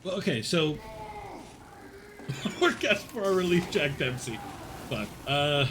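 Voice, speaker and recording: A man's voice: fairly high pitch, very animated, slow pace, over music. A man streaming, chatting casually with his viewers, rambling and swearing with frequent laughs. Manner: chats with unheard viewers, reads chat.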